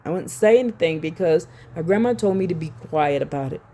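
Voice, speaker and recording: A woman's voice: lowish voice, animated, fairly quick, warm tone. A woman talks straight to her audience in a loose, rambling religious monologue. She circles back on her words and turns pointed and confrontational. Her delivery is emphatic throughout. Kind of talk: direct-to-camera religious monologue.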